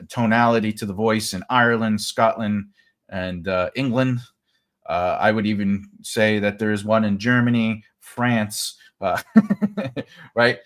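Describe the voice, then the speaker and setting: A man from the United States giving a casual, rambling live writing lesson, full of fillers and restarts. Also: lowish voice. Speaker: writing teacher.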